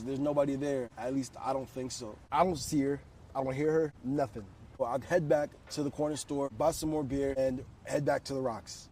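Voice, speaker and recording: A man's voice: mid-range voice, darkish tone, distant mic, a little hiss or hum. A man in his twenties telling a story from his own life in a casual, slangy way, swearing freely. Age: 20s.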